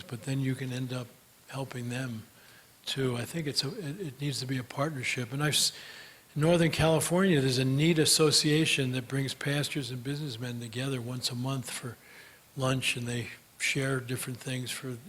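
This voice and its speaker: A man's voice: medium pitch, steady tone, normal speed, fairly bright tone, a little hiss or hum. A man speaking as a guest at a gathering, answering audience questions in a chatty, storytelling way with many fillers. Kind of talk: conference Q&A talk.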